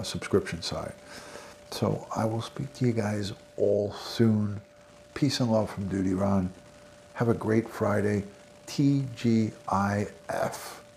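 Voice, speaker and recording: Low gravelly new york guy doing chat shout-outs on his stream, rambly and friendly. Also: slight background noise. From American South. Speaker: livestream host. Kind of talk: casual livestream sign-off chat.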